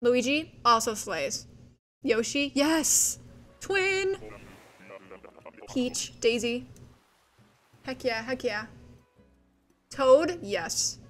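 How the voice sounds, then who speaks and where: Excitable girl streamer w a high voice, giggles a lot, faint game music behind. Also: very slow, pauses often. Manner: excitable, giggly, squeals with delight; reads chat aloud and answers viewers. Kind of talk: casual live-stream chat while gaming.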